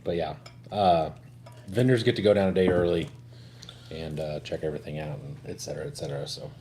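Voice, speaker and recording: A man's voice: a bass voice, steady tone, brisk, dark tone, a little hiss or hum. A man co-hosting a casual hobby livestream, chatting in a laid-back, joking way and swearing now and then. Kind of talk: casual chat while working on a build.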